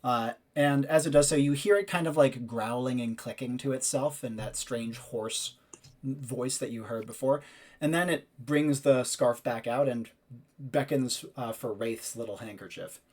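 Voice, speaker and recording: Man running a tabletop game, mid-pitched, rambling narration. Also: measured pace, a little mellow. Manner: loose, filler-heavy description. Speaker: game master.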